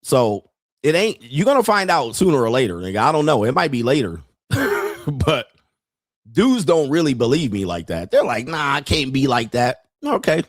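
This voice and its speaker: A man's voice: medium pitch, huge pitch swings, normal speed, no echo. Guy hosting a show and ranting, lots of cussing and laughing, medium voice, dead dry room. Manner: blunt, heavy swearing, laughs often. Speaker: podcast host. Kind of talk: profane livestream rant.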